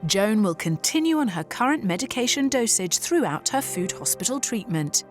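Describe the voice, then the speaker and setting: A woman narrates a documentary in a clear, measured voice-over, her pitch rising and falling freely. Steady music plays underneath her. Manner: clear, measured explanatory delivery. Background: background music.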